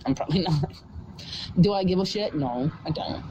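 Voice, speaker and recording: A woman ranting and swearing on a live stream, outdoors in a parking lot, her pitch swinging high and low. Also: expressive, moderate pace, lo-fi sound, background noise. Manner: profane, shouting, swinging pitch.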